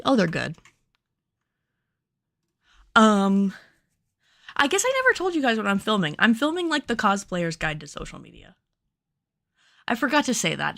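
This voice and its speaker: Chatty woman streamer, lively pitch. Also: creaky. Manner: chatty, self-deprecating, thinking aloud. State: nervous on camera. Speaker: cosplay pattern maker and streamer. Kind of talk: casual livestream chat while filming.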